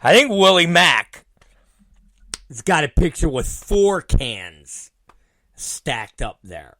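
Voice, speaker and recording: A man's voice: fairly high pitch, big pitch swings, slow, sharp tone, no echo, clean studio sound. Profane rambling male podcast host. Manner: profane, rambling, laughs at his own stories. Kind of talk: casual storytelling monologue.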